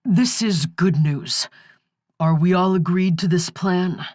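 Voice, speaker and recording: A woman voicing a dignified male governor who speaks in a measured, formal way. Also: on the low side, darkish tone, dry recording, studio quality. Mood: solemn. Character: dignified male tribal governor, grave and courteous.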